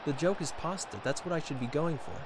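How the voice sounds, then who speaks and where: Fast and pitched on the high side, a man streams a video game with background noise around him. He comments on his play, answers chat, and keeps up a stream of sarcastic jokes at his own expense.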